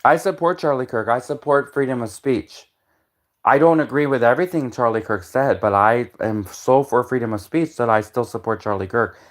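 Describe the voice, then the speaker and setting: A man talks through a casual livestream monologue. His voice sits at an ordinary middle pitch. He circles back on his points, repeating and restarting sentences as he goes. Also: normal speed. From Canada. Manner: rambling, repetitive, many restarts. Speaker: livestream host.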